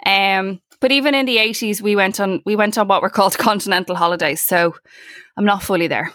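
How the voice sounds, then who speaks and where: A woman in her forties with an Irish accent rattles through stories at a quick clip and keeps up the casual podcast chat. She swears easily and slips into the voices of people she is quoting. The recording is dry and close, with no room sound. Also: medium pitch, fairly bright tone, no echo. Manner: chatty, swearing, acts out quoted voices in anecdotes. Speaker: podcast co-host.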